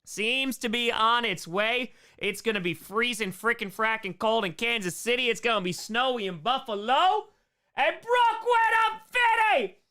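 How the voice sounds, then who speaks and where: A man hosting a casual livestream Q&A, excitable and playful, shouting out donors' names and making little sound effects to thank them. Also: sits high, normal speed, few pauses, clear, resonant tone. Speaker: livestream host.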